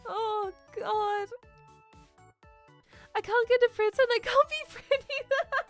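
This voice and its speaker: A young adult woman streamer telling a story in a casual chat, animated and dramatic, laughing often. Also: very high voice, takes it slowly, pauses often, faint music behind. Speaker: VTuber streamer.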